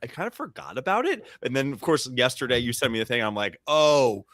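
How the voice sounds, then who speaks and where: A man hosting a comedy podcast with a bright, forceful voice that swings widely in pitch. He talks loud and jokey into a close, dry studio mic. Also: sing-song, quick pace, dry recording. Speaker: podcast host.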